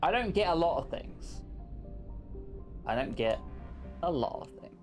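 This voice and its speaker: A man's voice: on the high side, sing-song, unhurried, darkish tone, soft background music. A man live-streaming a game, chatting casually, joking and teasing as he reads chat aloud.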